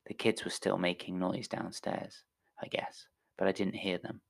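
A man narrating a science-fiction story aloud, with a soft, intimate delivery that drops to a whisper at times. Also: sits low, flat delivery, moderate pace, gravelly.

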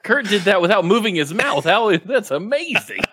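A man on a podcast as a guest, chatting casually and telling a story with lively quoted asides. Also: high voice, normal speed, background noise. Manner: animated storytelling, acting out his own quotes. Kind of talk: casual chat. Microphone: remote, streaming in.

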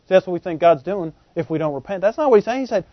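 High-voiced animated preacher. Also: male voice, racing, no room sound. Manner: animated, folksy, acts out voices in quotes. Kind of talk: sermon. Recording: dull lo-fi podcast audio.

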